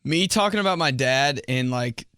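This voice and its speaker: A man's voice: mid-range voice, animated, normal speed, bright, forceful tone, clean tone, no echo, clean studio sound. A young man hosting a podcast, telling comic stories in a casual monologue, laughing often and mimicking voices. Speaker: podcast host.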